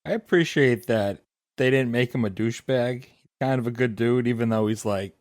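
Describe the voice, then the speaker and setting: A man's voice: medium pitch, normal speed, a little mellow, no echo, studio quality. A man co-hosting a podcast, chiming in with short joking asides about a show. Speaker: podcast co-host. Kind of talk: casual chat.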